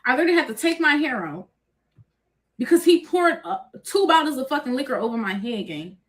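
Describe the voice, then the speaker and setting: A woman's voice: high-pitched, fairly quick. A young woman telling a chaotic personal story to viewers, cursing freely and acting out what was said. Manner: profane, animated retelling, acting out quotes.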